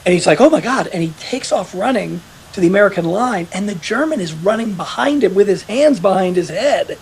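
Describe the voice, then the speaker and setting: A man telling a veteran's story in a casual podcast conversation, animated and quick to quote others. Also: high voice, vocal fry, a little hiss or hum. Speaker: author interviewed about his article.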